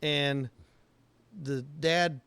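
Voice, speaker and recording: A man with a somewhat high voice tells rambling anecdotes from his years as a mechanic. He slips into the voices of the people he quotes as he goes. The sound is dry and close, with no room in it. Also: fairly even intonation, drawn-out words, a bit bright, smooth, no room sound. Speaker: podcast co-host, auto technician. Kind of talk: casual storytelling chat.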